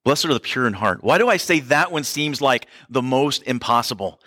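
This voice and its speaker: A man's voice: medium pitch, lively intonation, normal speed, sharp tone, no echo, clean studio sound. A man preaching a sermon as pastor, in a conversational way with asides to the congregation.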